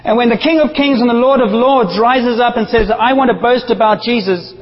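A man preaching a sermon in a church, passionate and animated, with playful asides to the congregation. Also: very high-pitched, fairly quick, slightly rough, big-room sound, lo-fi sound. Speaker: pastor.

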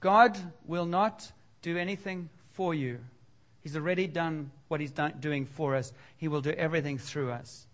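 Male preacher, high voice, lively sermon delivery with voiced dialogue and loud appeals. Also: moderate pace. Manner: animated preaching, voicing God and listeners, rising to loud exhortation. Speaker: pastor.

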